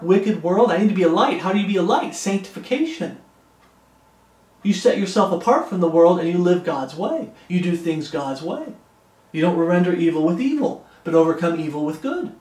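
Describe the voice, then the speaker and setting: Emphatic high-voiced male preacher, echoey room. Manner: emphatic, repeats warnings, reads scripture aloud. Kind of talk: expository Bible sermon.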